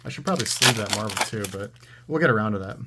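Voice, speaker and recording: A man's voice: fairly low pitch, animated, quick pace, very noisy. A man giving casual, sarcastic commentary while opening trading card packs on his channel. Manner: dry, sarcastic.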